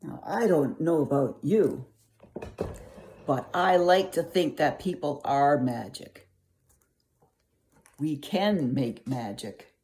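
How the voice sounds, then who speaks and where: Older woman with a low gravelly voice. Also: animated, slow, pauses often. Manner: warm, coaxing, asks the listener questions. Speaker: storyteller. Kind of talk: reading a picture book aloud to children.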